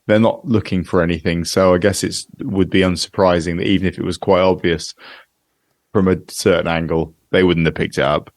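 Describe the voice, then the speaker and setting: A man's voice: sits low, fairly even intonation, brisk, no room sound. A man co-hosting a podcast in casual chat, analytical and given to dry short quips. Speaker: podcast co-host.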